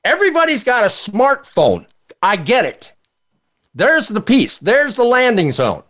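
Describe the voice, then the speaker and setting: An older man hosting a casual panel discussion, an animated storyteller who keeps checking in with his guests. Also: extremely high pitch, unhurried. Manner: animated storyteller, acts out voices in anecdotes. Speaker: host.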